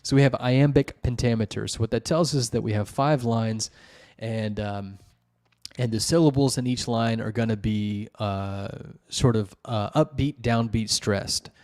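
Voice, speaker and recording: A man's voice: on the low side, steady tone, a little slow, darkish tone. A man hosting a show, reviewing wiki articles in casual, rambling commentary full of fillers and restarts. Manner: rambling, many fillers and restarts, explains at length.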